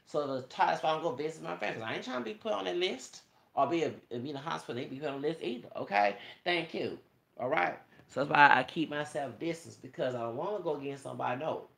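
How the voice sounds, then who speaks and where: Male vlogger, gravelly, lectures his audience in a cussing, sermon-like rant. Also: a little high, expressive, fast talker, fairly bright tone, reverberant. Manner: preachy, profane, addresses viewers as y'all. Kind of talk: ranting monologue to viewers.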